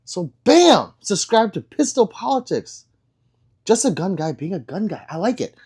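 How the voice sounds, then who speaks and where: Jokey man reading live chat, lively pitch. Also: normal speed, slightly rough. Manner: joking, rambling, reads comments aloud. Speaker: livestream host reading chat. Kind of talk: casual live stream chat.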